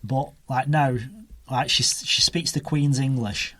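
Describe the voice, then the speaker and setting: A man co-hosting a podcast, asking questions in a halting way. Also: mid-range voice, fairly even intonation, pushed and bright, no room sound. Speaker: podcast co-host. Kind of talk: casual video-call chat.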